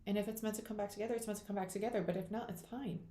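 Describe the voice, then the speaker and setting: A woman's voice: mid-range voice, fairly even intonation, very fast, mellow, echoey room. A young woman chatting casually on a livestream, rambling with lots of fillers as she talks to viewers. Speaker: tarot reader hosting a live chat. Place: home room at her computer.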